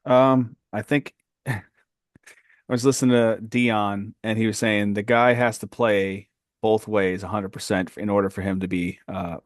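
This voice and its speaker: Joking lower-voiced man co-host. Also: fairly even intonation, measured pace, no room sound, clean studio sound. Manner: playful banter, cracks jokes. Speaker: podcast co-host. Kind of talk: casual fantasy football chat.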